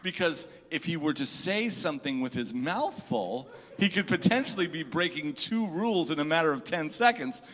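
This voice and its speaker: A male pastor delivering a sermon, telling funny stories with lively asides. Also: fairly high pitch, normal speed. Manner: animated storyteller, jokey asides. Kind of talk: sermon with humorous storytelling. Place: church hall. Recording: echoey hall.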